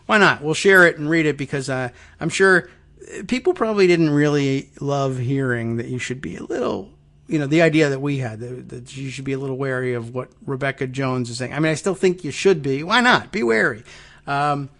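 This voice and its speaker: Dry sarcastic guy hosting a news podcast, talks in loose stops and starts, medium pitch. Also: fairly quick, a bit bright. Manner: sardonic, musing, many ums and restarts. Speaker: podcast host. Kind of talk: solo news commentary.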